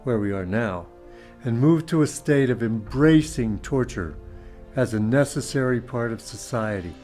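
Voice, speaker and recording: A man's voice: medium pitch, lively intonation, a little slow, darkish tone, soft background music. Man narrating a grave documentary. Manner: grave, urgent warnings. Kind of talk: scripted narration.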